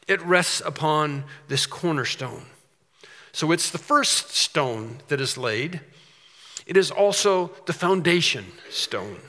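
A male pastor preaching with a bright, forceful voice pitched a little high. He drives his points home with rhetorical questions and repetition. The sound rings with long reverb, as in a church sanctuary. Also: expressive, takes it slowly. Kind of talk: sermon. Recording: long reverb of a large hall.

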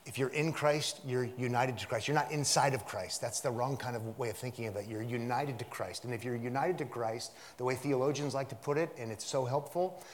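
A man preaching an expository sermon, swinging from hushed asides to loud emphatic repetition and rhetorical questions. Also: medium pitch, brisk, few pauses, a little hiss or hum. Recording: long hall reverb.

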